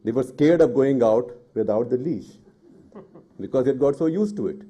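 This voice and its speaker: A middle-aged journalist from India addresses a panel in a deep, very dark and mellow voice. He talks at a middle pitch and drives his points home with forceful indignation. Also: lively intonation, normal speed, breathy edge. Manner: forceful and indignant, rising in anger. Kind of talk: impassioned public talk.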